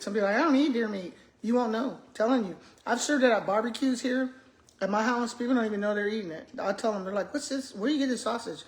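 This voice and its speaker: A woman's voice: mid-range voice, a little mellow. A woman, a retired school principal chatting casually to viewers while eating, often humming and murmuring between bites. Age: 60s. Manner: chatty, addresses viewers as y'all, hums and murmurs while chewing.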